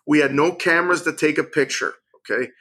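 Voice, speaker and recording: Bright-voiced man telling a fishing story. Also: on the high side, fairly quick, breathy edge. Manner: acts out quotes in lively bursts. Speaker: guest chef and angler. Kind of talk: animated storytelling.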